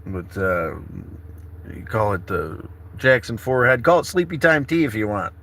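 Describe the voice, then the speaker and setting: A laid-back man in his thirties rambles through a morning chat from inside his camper car, his voice bright and forward. He calls listeners brother and buddy. A faint hum of background noise sits under him. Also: medium pitch, big pitch swings, moderate pace. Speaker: travel vlogger. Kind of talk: casual morning livestream chat.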